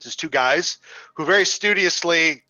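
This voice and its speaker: Bright-voiced game master man narrating. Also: a little high, no room sound, muffled recording. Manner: halting, many fillers and restarts.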